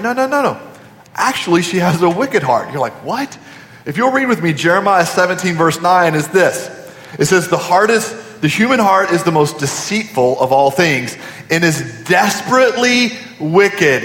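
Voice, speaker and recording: A man's voice: high-pitched, fairly bright tone. A man preaching a sermon as pastor in a large church auditorium, with repeated phrases and rhetorical questions. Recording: echoey hall from a distance.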